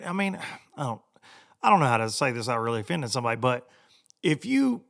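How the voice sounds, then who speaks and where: A middle-aged man, hosting a podcast and telling a rambling story, laughing often and doing loud mocking voices. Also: medium pitch, gravelly. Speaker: podcast host. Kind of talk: casual storytelling monologue.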